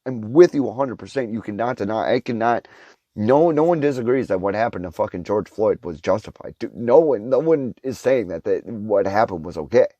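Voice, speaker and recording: A man's voice: on the low side, animated, a little fast, mellow, dry recording, muffled recording. A young man ranting his opinions in a vlog, heated and sarcastic, swearing in nearly every line. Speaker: vlogger. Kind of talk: profane opinion rant.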